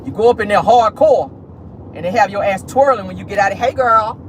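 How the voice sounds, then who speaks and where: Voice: mid-range voice, animated, fast talker. A vlogger in a car giving casual, bawdy celebrity-gossip commentary with laughing asides and lots of "honey" and "child.". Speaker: vlogger host. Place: parked car. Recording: noisy car interior.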